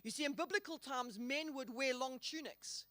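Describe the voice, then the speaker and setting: Woman conference speaker giving a faith talk; emphatic, leans on key words, fairly high voice, dry close sound. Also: bright, forceful tone, no room sound. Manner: earnest, emphatic, slows down to stress key words. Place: hall.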